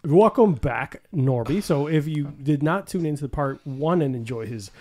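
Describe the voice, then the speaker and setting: A man's voice: fairly high pitch, lively intonation, normal speed, dark tone. A man hosting a podcast in casual chat, boisterous and laughing often as he swears freely. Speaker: podcast host.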